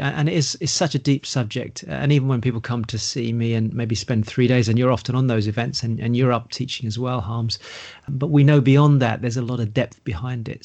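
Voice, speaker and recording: A man's voice: mid-range voice, darkish tone. A middle-aged man, explaining investing and property in a casual podcast conversation, running through long lists. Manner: explanatory, long listing run-ons.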